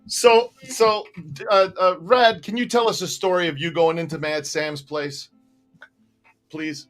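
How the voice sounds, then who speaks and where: A male host runs a laid-back livestream, reading viewer comments aloud and chatting over them. His voice sits a bit high, with soft music faintly behind him. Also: steady tone, a little slow.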